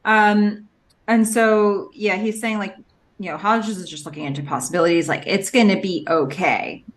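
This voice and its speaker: A woman's voice: mid-range voice, fairly even intonation, normal speed. A woman co-hosting a podcast, recapping a TV episode in casual chat and playfully acting out the characters' lines. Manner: playful, jumps into exaggerated character quotes. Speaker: podcast co-host.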